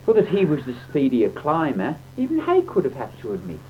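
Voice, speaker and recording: A man's voice: medium pitch, huge pitch swings, fairly quick. A man reciting comic verse in a theatrical, mock-dramatic way, on a dull, slightly noisy old recording. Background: audience laughter.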